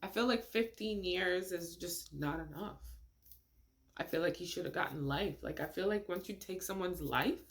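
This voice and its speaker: A woman hosting a casual reaction video, talking in an animated, incredulous way with frequent laughter and rhetorical questions. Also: lowish voice, normal speed, slight background noise.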